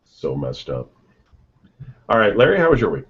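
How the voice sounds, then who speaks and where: A man hosting a casual podcast with friends, talking in halting bits and repeating words. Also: on the low side, wildly swooping pitch, husky. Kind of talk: casual banter among friends. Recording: dull lo-fi podcast audio with faint noise.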